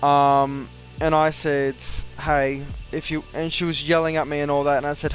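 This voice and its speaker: A young Australian man tells a story in casual chat, his voice sitting a little higher than most men's. He talks in an animated way and jumps up in pitch when he quotes people. Faint music plays behind him. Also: moderate pace, few pauses. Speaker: flight sim streamer.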